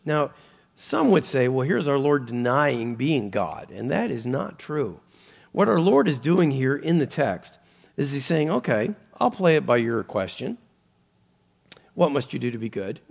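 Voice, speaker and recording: A man's voice: medium pitch, vocal fry. A man preaching a sermon, reading scripture and explaining it with earnest emphasis that rises and falls. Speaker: pastor.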